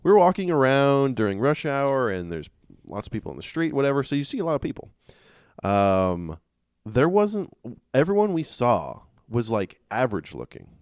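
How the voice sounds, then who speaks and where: A man's voice: medium pitch, very animated, moderate pace, darkish tone, no room sound, studio quality. A man co-hosting a podcast in casual chat, talking in a chatty, self-deprecating way with frequent restarts. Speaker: podcast co-host. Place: podcast studio.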